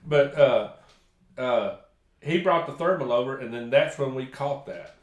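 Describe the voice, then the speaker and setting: A man's voice: mid-range voice, a little slow, highs cut off. An older man with a Texan accent, rambling through a story in casual live-stream chat, with restarts and chuckles. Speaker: paranormal investigator co-host. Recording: echoey room.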